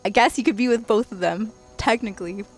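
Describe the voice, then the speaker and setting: A young adult woman streams a video game late at night, chatting and giggling with her viewers as she plays. Her voice is a little high and brisk, with faint music behind her.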